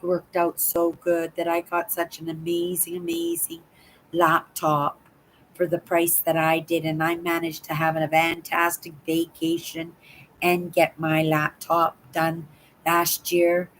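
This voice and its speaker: An older woman with a hoarse voice, chatting in a rambling way on her live stream from home and repeating words. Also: on the low side, completely flat delivery, a little slow, a bit bright, slight background noise, low-quality recording. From Canada. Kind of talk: casual chat. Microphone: laptop.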